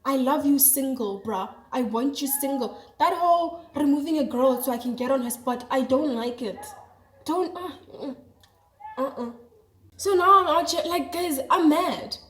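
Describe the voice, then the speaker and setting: A young woman with a South African accent and a bright, high voice, chatting in an animated, slang-heavy storytelling style. She is recorded in a roomy space that adds a clear echo to her voice. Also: normal speed. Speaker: vlogger. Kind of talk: casual storytelling to camera. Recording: echoey room.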